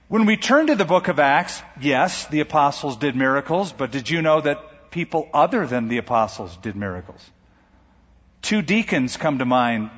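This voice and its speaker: A man preaching a sermon, with dynamic delivery that swings between rising emphasis and quiet drops. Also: on the high side, breathy edge. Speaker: pastor. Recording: dull recording in a large reverberant hall.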